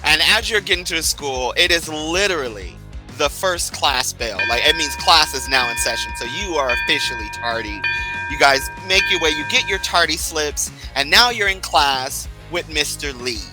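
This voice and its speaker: A man narrating a role-play scene as game master, telling it in a lively, descriptive way. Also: a little high, normal speed, over loud music, low-quality recording.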